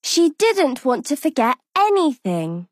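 A woman reading a children's bedtime story aloud in a slow, expressive, sing-song way. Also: high-pitched, no echo, clean studio sound. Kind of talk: scripted bedtime story narration.

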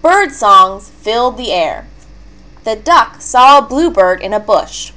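A woman narrating a children's storybook in a clear, expressive way. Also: mid-range voice, measured pace.

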